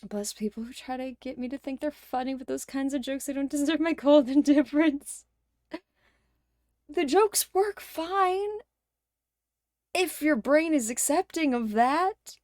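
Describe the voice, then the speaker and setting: Chatty high-voiced young woman streamer. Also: unhurried, dry recording, studio quality. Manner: animated storyteller, acts out quoted lines, laughs often. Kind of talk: casual livestream chat while gaming.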